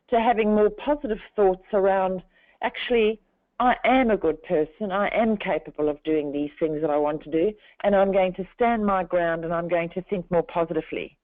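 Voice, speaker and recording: Calm, slow-spoken female counselor. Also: mid-range voice, no echo. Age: middle-aged. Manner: slow, deliberately calming delivery. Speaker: counselor and trainer. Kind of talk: webinar presentation. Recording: dry, phone-like webinar audio.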